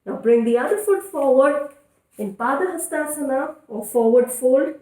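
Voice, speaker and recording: A woman leading a children's yoga class in a playful, encouraging way, giving clear step-by-step instructions. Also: sits high, moderate pace, dark tone. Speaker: kids' yoga teacher. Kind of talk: guided kids' yoga instruction. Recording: echoey room, voice from a distance.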